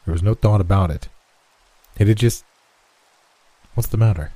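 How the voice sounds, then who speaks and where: A man playing a stubborn, slow-witted old husband who speaks in a gruff, insistent way. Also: fairly low pitch, dark tone, no echo, lightly acted.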